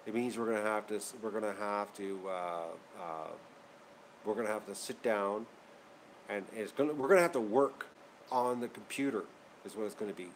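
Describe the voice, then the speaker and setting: A man's voice: fairly low pitch, moderate pace, slight background noise. Rambling, worked-up male vlogger. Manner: rambling and repetitive, getting worked up. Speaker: channel host. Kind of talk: casual vlog chat to viewers.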